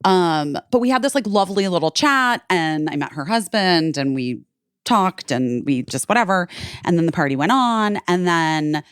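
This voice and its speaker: Lowish-voiced woman in her 40s telling a long story on her podcast, swears a lot, dry studio sound. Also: expressive, normal speed, smooth, no room sound. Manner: chatty, heavy on "like", swears freely. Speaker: podcast host. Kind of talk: casual storytelling chat.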